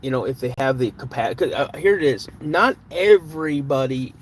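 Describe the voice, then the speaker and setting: A man's voice: medium pitch, animated, moderate pace, slightly rough. A man hosting a live podcast stream, chatting casually with viewers, joking and greeting them. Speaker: podcast host.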